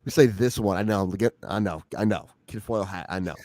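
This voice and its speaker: A man's voice: fairly low pitch, fairly quick, darkish tone, no echo. A man, co-hosting a podcast, talking loosely and joking, swearing freely. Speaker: podcast co-host. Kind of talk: casual chat.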